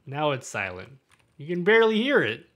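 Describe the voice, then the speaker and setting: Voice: medium pitch, fairly bright tone. A livestreamer chatting casually on stream while showing off a build, rambling and self-mocking, laughing often. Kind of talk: casual live stream chat.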